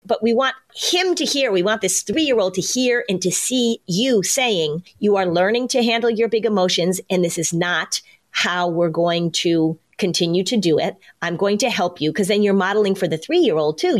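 A middle-aged woman hosts a parenting podcast and talks through advice in a relaxed, conversational way. She slips into quick acted lines for parents and children as she explains. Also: medium pitch. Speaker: podcast host, parenting anxiety expert. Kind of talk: casual advice podcast chat.

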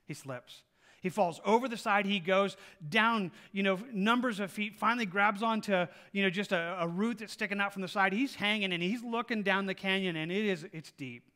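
A male pastor preaching a sermon with lively delivery, acting out little scenes of people praying and God answering. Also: high-pitched, normal speed. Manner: animated preaching, acts out voices of people praying.

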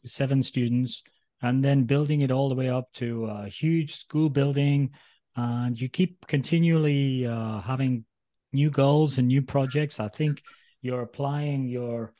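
A male podcast host with a mellow, darker tone asks measured, thoughtful questions. The recording is dry and close. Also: medium pitch, dry recording. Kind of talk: interview questions.

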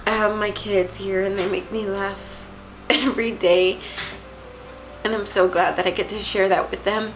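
A woman from Texas in her thirties, vlogging at home in a halting, tearful way, close to crying. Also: medium pitch, fairly even intonation, a little hiss or hum, low-quality recording. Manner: tearful, halting, soft-spoken. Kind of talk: emotional personal vlog.

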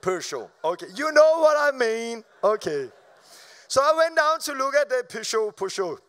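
Before a live audience, a preacher with a notably high, clear, resonant voice shares a personal testimony from the pulpit at a moderate pace. He stays animated and informal, laughing along and stumbling over repeated words as the story pours out.

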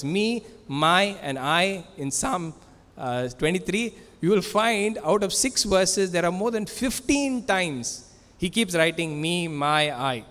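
A man's voice: on the high side, a bit bright, big-room sound. A man preaching a sermon in earnest, emphatic, repetitive phrases, recorded in a church. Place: church sanctuary.

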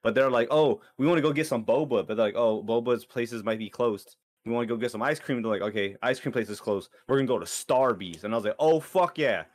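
A man's voice: medium pitch, quick pace, hardly any pauses. A man co-hosting a podcast, telling a rambling story full of swearing and restarts in casual chat. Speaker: podcast co-host.

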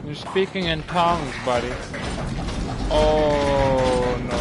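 A man's voice: a little high, unhurried, loud music behind the voice. A young man streaming a video game, joking and talking back to the characters on screen. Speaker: gaming streamer. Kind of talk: let's play commentary.

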